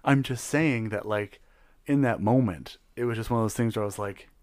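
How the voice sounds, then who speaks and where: A man's voice: on the low side, fairly quick, a little mellow, dry recording. A man running a tabletop game, chatting casually and animatedly, laughing often and swearing freely. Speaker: game master.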